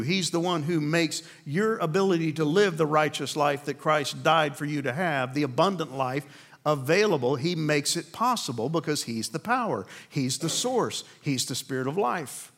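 A man preaching a sermon to a men's group, earnest and asking rhetorical questions, slowing down to land key points. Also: on the high side, expressive, a bit bright.

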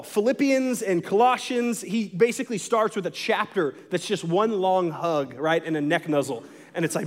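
A young man preaching a sermon in a lively, conversational way, with bursts of dramatic emphasis. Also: sits high, moderate pace, few pauses. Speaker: pastor.

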